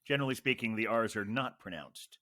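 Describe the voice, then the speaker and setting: A beer podcast host talks wordily and playfully over a beer tasting, explaining things at length. His fairly low voice is animated, fairly quick, bright, and forceful.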